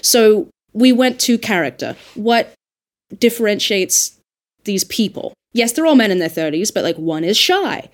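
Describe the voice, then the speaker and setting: An earnest woman talks through her ideas on a podcast and leans hard on key points. She sits in the middle of the usual pitch range for a woman and sounds like a working dialect coach in conversation. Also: expressive, measured pace. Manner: earnest, thinking aloud, emphatic.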